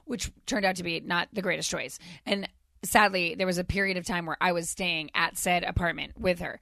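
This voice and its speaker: A woman's voice: lowish voice, steady tone, normal speed, gravelly, bright, forceful tone, no room sound, studio quality. A woman co-hosting a podcast, telling long, wry anecdotes in casual conversation. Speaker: podcast co-host. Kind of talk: casual chat.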